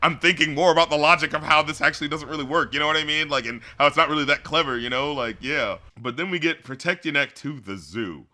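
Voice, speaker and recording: A man co-hosting an album-review podcast, talking in rambling, animated casual chat with frequent laughs. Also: a little high, quick pace, hardly any pauses. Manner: animated, rambling, laughs often, acts out rap lines.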